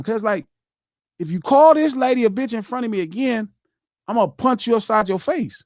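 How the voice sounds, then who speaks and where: A man hosting a podcast, telling a personal story in casual chat, animated and repetitive, acting out what people said. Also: very high voice, fairly quick, no room sound, clean studio sound. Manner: animated, repeats himself, acts out quotes. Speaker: podcast host.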